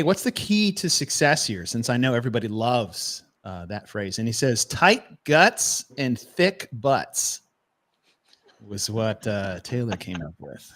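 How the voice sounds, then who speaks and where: A man hosting a casual podcast chat, animated and quick to laugh and swear. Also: medium pitch. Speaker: podcast host.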